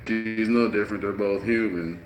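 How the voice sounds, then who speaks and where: A man's voice: on the low side, fairly even intonation, moderate pace, faint music behind. A man telling everyday stories in an earnest, preaching way. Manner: earnest, preachy, acts out voices. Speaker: storyteller. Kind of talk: casual storytelling monologue. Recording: roomy, faint background noise.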